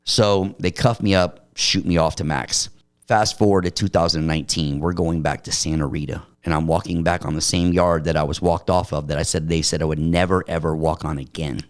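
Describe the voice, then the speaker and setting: Podcast guest: middle-aged man, very low voice, blunt streetwise storyteller, casual. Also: fairly even intonation, fairly quick, clear, resonant tone. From Arizona.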